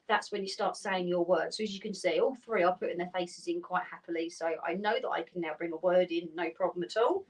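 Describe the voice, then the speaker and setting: A woman walks viewers through dog training in a clear, practical teaching manner. Her pitch sits in the middle range. The voice is picked up from some distance from the mic. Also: fairly quick. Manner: clear, practical explaining, breaks into high praise for the dogs. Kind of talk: instructional video.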